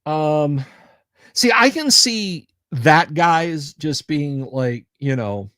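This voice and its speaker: A man's voice: fairly high pitch, animated, very slow, sharp tone, no echo, clean studio sound. Chatty man rambling on a livestream. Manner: rambling, self-interrupting, chatty; reacts to viewer comments. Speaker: livestream host. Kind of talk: casual livestream chat.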